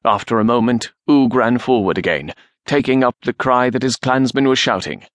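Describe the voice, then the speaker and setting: A male audiobook narrator reads a historical novel at a measured, steady pace, with a mid-range pitch. The recording is close and dry, with no room sound. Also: no room sound.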